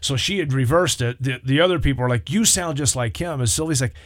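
A man's voice: medium pitch, fast talker, dry recording, clean studio sound. A man, a pastor co-hosting a radio talk show, telling stories in casual chat and acting out the voices of the people in them. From Southern California. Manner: animated storyteller, acts out quoted voices.

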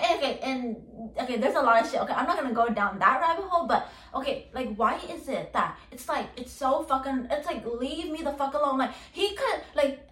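A woman's voice: high voice, a bit bright. A young woman hosting a podcast, venting in a rambling, casual way, full of "like" and swearing, exasperated and repeating herself for emphasis. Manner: rambling, heavy use of "like" and "okay", swearing. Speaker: podcast host. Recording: roomy echo, distant from mic.

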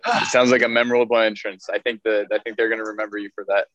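A man's voice: lowish voice, level tone, quick pace, fairly bright tone, no room sound, poor audio. A male host making wry, reflective remarks in casual conversation.

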